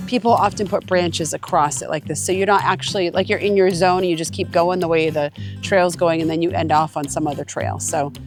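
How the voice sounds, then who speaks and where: A woman's voice: lowish voice, fairly even intonation, fairly quick, few pauses, music in the background. A woman with a congested voice, chatting casually and rambling with many fillers while vlogging on an outdoor forest trail. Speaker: hiking vlogger. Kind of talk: casual vlog talk while hiking.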